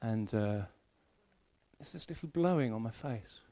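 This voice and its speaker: Animated man preaching a sermon. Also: mid-range voice, unhurried, slight background noise. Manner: animated storytelling, self-deprecating humor, frequent restarts. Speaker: senior pastor. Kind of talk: live sermon. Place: church service in a school hall.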